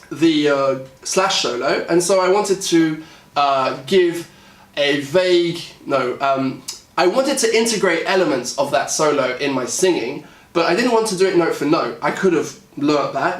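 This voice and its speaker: A man with a British accent talking casually about how he interprets a song, thinking aloud with lots of fillers and pauses. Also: fairly high pitch, distant mic. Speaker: singer and music YouTuber. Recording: echoey room, voice a bit off-mic.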